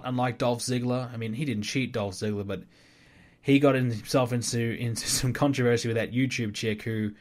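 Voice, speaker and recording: A man's voice: medium pitch, steady tone, normal speed. A man hosting a solo podcast, giving casual, opinionated commentary that rambles with fillers and restarts. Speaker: podcast host.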